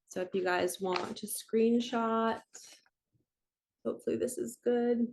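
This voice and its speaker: A woman in her forties, a spiritual coach, talking gently and reflectively to her viewers in a casual, chatty way. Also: fairly high pitch, fairly even intonation, unhurried, creaky, pauses often. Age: 40s.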